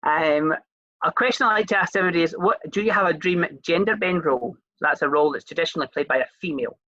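Scottish host, rambling casual interviewer, crisp bright tone, dry slightly lo-fi sound. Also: medium pitch, fast, dry recording. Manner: chatty, rambling, many fillers and restarts.

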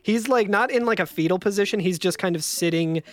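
A man's voice: high voice, fast talker. A man in a casual podcast chat who recaps a game in a laid-back, hesitant way.

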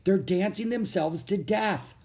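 A man reading an audiobook, voicing an eager, brave young girl who speaks in a high, urgent and earnest voice. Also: unhurried. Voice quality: high, bright girlish voice. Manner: urgent and earnest, loud when calling out.

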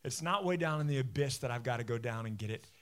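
A young man preaching a sermon in a church, reading scripture and then speaking candidly and self-deprecatingly, animated when he quotes. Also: mid-range voice, fast. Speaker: pastor.

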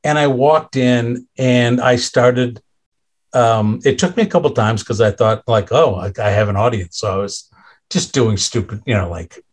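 A middle-aged man, a podcast guest, telling a personal story in a candid, conversational way, halting often with restarts and fillers and acting out what others said. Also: medium pitch. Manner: acts out others' lines in quoted voices.

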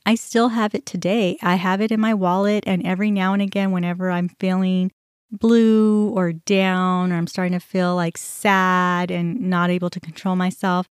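A woman's voice: on the low side, flat delivery, normal speed, clear, resonant tone, no echo, clean studio sound. A middle-aged woman hosting a podcast, telling a personal story in a candid, conversational way with many fillers. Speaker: podcast host.

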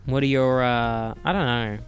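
A man in a casual chat, rambling and profane, with animated quick impressions. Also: medium pitch, faint music behind.

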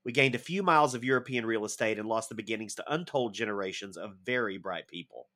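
A man's voice: on the low side, fast, sharp tone. A man doing a weary young army sergeant. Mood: weary, sardonic. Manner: dry, sardonic reading of a film voiceover. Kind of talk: impression read aloud on a podcast.

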